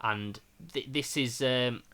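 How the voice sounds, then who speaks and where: A man talking through a film on a casual podcast, his voice bright and sharp. He gets animated and sweary, jumping into little acted-out bits of dialogue as he tells the story. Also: medium pitch, slow pace, clear, resonant tone. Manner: animated, sweary, acts out scenes. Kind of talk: casual film review chat.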